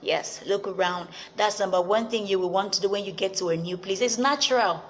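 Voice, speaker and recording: A woman's voice: medium pitch, steady tone, brisk. A young adult woman hosting a motivational talk show, speaking earnestly and repeating rhetorical questions to her listeners. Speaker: show host.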